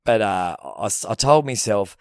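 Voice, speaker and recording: On a casual podcast, this young Australian co-host spins a meandering, profanity-laden tale, acting out parts of it. His a-little-low voice has lively intonation and a moderate pace, captured close, dry and clean with no room sound or echo.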